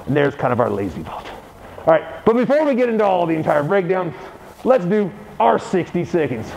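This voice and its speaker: A man's voice: sits high, very animated, fairly quick, vocal fry, noisy background. A man coaching a parkour tutorial in a playful way, with joking asides. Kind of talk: tutorial instruction.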